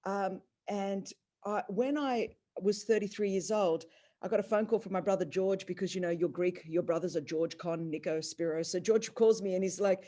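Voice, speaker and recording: A middle-aged Australian woman telling a personal family story, animated, with big jumps in pitch and loudness. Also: moderate pace. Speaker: speaker on a faith call.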